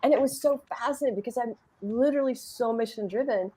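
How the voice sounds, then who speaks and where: Middle-aged woman on a podcast panel, chatty and expressive, lots of restarts. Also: on the high side, quick pace, breathy edge. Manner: animated and conversational, with frequent restarts, laughs and quoted inner dialogue. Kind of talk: candid personal storytelling.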